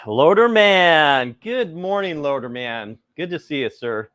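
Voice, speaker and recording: A man's voice: on the high side, animated, moderate pace, no echo, clean studio sound. A middle-aged man hosting a live cooking stream, rambling casually and greeting viewers by name, a little cold.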